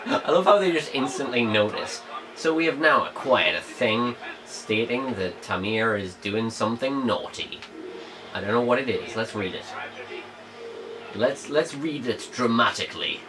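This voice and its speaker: A man's voice: mid-range voice, a little slow, rough recording. A man casually commenting on his gameplay as a let's play host, jokey and playful, humming and muttering to himself.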